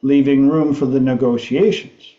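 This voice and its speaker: Man hosting a talk show, slow halting storytelling, dark dull echoey sound. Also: medium pitch, steady tone. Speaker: host.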